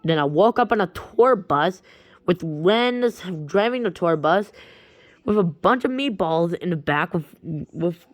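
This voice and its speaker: Slow, halting woman telling a story. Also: on the low side, animated, no echo. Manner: halting, with many restarts and repeated words. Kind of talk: casual rambling story retelling.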